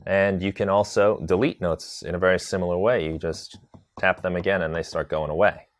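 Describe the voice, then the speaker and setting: A man teaching a live tutorial on drum sequencing, chatty and relaxed, answering viewer questions as he demonstrates. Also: low-pitched, a little fast. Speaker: music production instructor.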